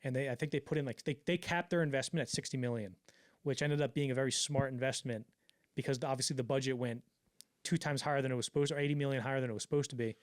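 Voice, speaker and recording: A man telling a story on a casual podcast, swearing freely and acting out the quotes in quick put-on voices. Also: medium pitch, steady tone, dry recording, clean studio sound. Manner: fast, profane, acts out quotes in voices. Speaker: podcast co-host.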